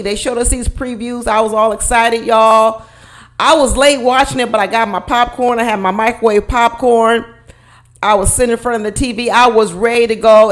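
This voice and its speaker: A woman with a fairly high voice gives a casual vlog review of a reality TV show. She talks straight to her viewers in a blunt, emphatic and colloquial way.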